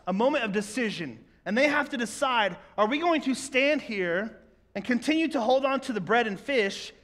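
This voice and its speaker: A man's voice: high-pitched, a bit bright. A man preaching a sermon, talking conversationally to the congregation and asking rhetorical questions. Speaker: pastor. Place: church sanctuary. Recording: echoey hall.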